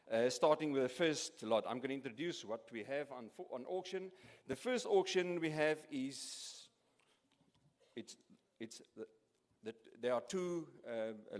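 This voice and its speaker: A man running a charity auction at an awards evening, cracking jokes and often stopping to restart his words. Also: mid-range voice. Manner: jokey, halting with many restarts and repeats. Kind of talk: live event MC, joking auction patter. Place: large event hall. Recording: echoey hall.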